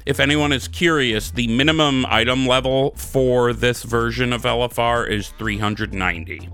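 A man's voice: mid-range voice, steady tone, moderate pace, fairly bright tone, clear, resonant tone, soft background music. A man co-hosting a gaming podcast, rambling through a joking, profane recap in casual chat. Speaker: podcast co-host.

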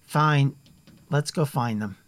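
A man voicing a brisk, commanding older woman called Mother in a tabletop game. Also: medium pitch, no room sound, pitched above the performer's own voice, lightly acted.

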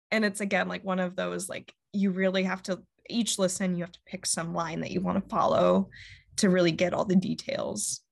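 A woman's voice: medium pitch, creaky, a bit bright. A woman co-hosting a casual music podcast, chatty and full of ums and likes. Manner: chatty, many ums and likes, laughs often. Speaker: podcast co-host. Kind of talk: casual music review chat.

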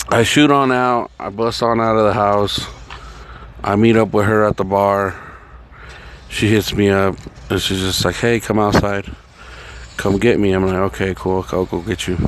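A lower-pitched young man spins a long, rambling, profane story, acting out both sides of the dialogue. Faint noise and a passing vehicle sit behind him. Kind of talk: casual storytelling.

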